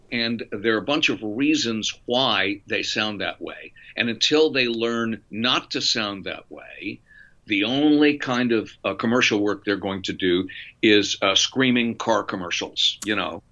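Bright-voiced man telling radio stories. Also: lowish voice, unhurried. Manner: animated anecdotal delivery with fillers. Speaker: voice actor and former radio DJ, interview guest. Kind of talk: storytelling in a conversational interview. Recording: dull lo-fi audio.

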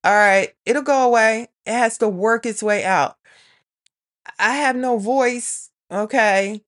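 A woman's voice: a little high, slow pace. A middle-aged woman telling a rambling everyday story in a casual vlog, often quoting herself. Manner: chatty, rambling, quotes herself and her daughter. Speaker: vlogger.

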